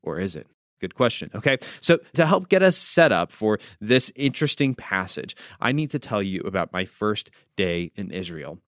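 A man's voice: fairly low pitch, very animated, moderate pace, fairly bright tone, no echo, clean studio sound. A man hosting a devotional podcast, teaching with storytelling and wry asides. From United States. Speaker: podcast host.

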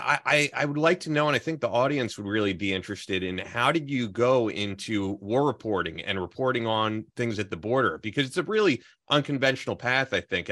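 Bright-voiced male host, dry sound. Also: fairly low pitch, no echo. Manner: halting, self-correcting. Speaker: podcast host. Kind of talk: interview question.

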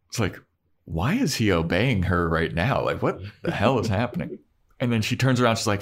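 A man co-hosting a podcast, casually recapping an episode and briefly acting out the characters' lines as he goes. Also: low voice. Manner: relaxed storytelling, acting out characters in quick impressions. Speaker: podcast co-host.

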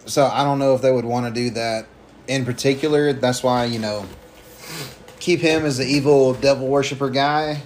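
A man holds forth on a casual podcast, cursing freely and wandering from point to point. His voice sits at an ordinary middle pitch. A faint hiss runs under the recording. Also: fairly even intonation, darkish tone. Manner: profane, rambling, acts out promos in quick voices. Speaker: podcast co-host.

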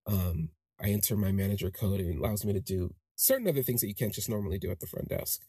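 A man hosting a podcast, telling a personal story in a casual monologue and acting out the people in it with big jumps in pitch. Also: fast talker, breathy edge, dry recording, clean studio sound. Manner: animated, acts out quoted voices with big pitch jumps. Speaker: podcast host.

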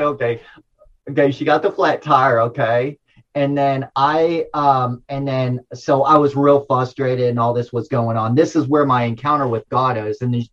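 A middle-aged man telling a personal story in a casual, rambling and excitable way, with many restarts and apologies. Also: mid-range voice, highs cut off. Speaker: storyteller sharing a personal spiritual experience.

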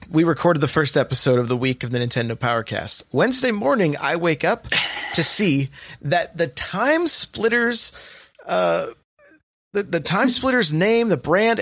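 Guy hosting a game podcast, kinda high voice, dry close sound, lots of uhs. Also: a bit bright, dry recording. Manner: chatty, reads sale prices with many fillers. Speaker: podcast host. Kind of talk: casual podcast chat.

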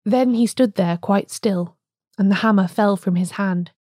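A woman narrating a story in a steady, even reading style. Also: mid-range voice, unhurried, no echo, studio quality. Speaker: audiobook narrator. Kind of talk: scripted narration.

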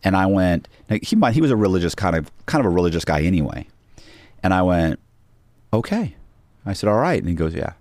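A man's voice: sits low, fast, a little mellow, dry recording. A middle-aged man, a podcast guest, telling a story casually with restarts and acted-out quotes of other people. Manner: rambling, restarts, acts out quoted dialogue.

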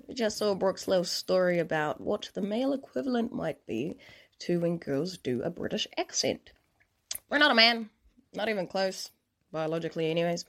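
A New woman telling a wry story about how men show affection. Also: on the low side. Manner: wry, conversational, exasperated fondness. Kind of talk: recorded storytelling segment.

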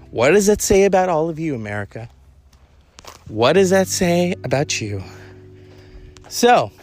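A speaker from California delivering an angry political rant to the camera, sarcastic and profane, firing off rhetorical questions. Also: medium pitch.

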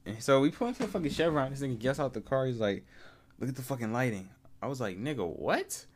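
A man's voice: mid-range voice, lively intonation, fast talker, slight background noise. A young man hosting a solo podcast, telling stories in laid-back, slang-heavy casual chat and laughing often. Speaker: podcast host.

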